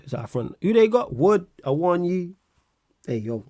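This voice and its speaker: A man's voice: high-pitched, very animated, unhurried, dark tone, no echo, studio quality. A man hosting a casual livestream chat, laughing a lot, swearing and using slang while answering viewer questions.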